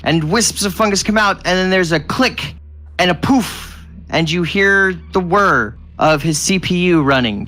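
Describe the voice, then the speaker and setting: A man in his thirties narrating a tabletop game as game master, describing scenes in a halting way with fillers. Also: on the high side, pushed and bright.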